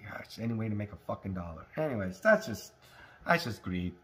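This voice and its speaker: A man from Alaska ranting casually on his cannabis vlog, swearing constantly and shouting when he gets heated. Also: lowish voice, very animated, a little fast. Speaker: cannabis vlogger. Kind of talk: casual profane rant. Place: home, indoors.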